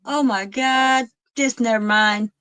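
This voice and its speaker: A woman's voice: fairly high pitch, takes it slowly, fairly bright tone, clear, resonant tone. A sleepy woman, co-hosting a livestream and chatting casually, sighing and easily exasperated. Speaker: livestream co-host.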